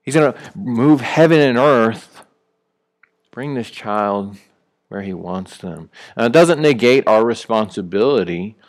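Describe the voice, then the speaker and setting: A man's voice: medium pitch, lively intonation, a little slow. A man preaching a sermon in an easygoing, conversational way, with frequent fillers and restarts. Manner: rises sharply when acting out calling someone back. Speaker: pastor.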